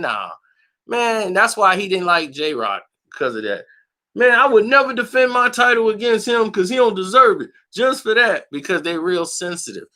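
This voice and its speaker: Bright-voiced man telling a blunt story. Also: high-pitched. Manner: animated, acts out quotes in a raised voice; blunt, slangy, combative. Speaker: boxing channel host. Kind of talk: casual storytelling monologue.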